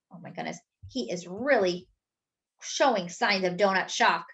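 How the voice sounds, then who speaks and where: Animated woman reading a picture book. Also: medium pitch, moderate pace. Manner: expressive, animated, asides to listeners. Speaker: storyteller. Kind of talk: children's picture-book read-aloud. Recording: dull lo-fi sound.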